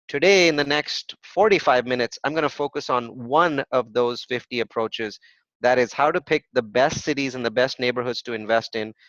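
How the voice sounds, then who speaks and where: A man's voice: mid-range voice, fairly bright tone, no room sound. A man teaching a real estate investing workshop. He talks emphatically, poses rhetorical questions, answers them himself, and tags his points with "right?". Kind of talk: live workshop presentation with web demos. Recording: dull, dry lo-fi recording.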